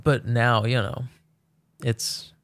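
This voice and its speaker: A man's voice: mid-range voice, flat delivery, slow, dry recording. A man co-hosting a podcast, telling stories in a laid-back casual chat with lots of fillers. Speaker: podcast co-host.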